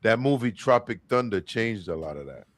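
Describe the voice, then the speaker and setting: A man's voice: fairly low pitch, animated, moderate pace. A male podcast co-host, laid back and agreeing in casual chat.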